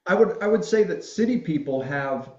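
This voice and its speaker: A man in a relaxed interview, spinning folksy, rambling stories and chuckling at his own asides. His voice sits at an ordinary pitch. It arrives with a roomy ring and a slightly muffled top end. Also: moderate pace. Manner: folksy, rambling storyteller who laughs at his own jokes. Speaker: podcast guest, family history filmmaker. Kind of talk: casual interview conversation.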